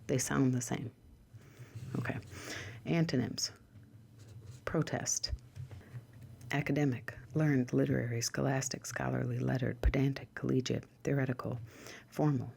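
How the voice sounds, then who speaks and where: An ASMR host slowly reading lists of words in a soft, low-key voice, sometimes dropping to a whisper and adding dry little asides. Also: vocal fry, husky. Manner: drifts into whispers.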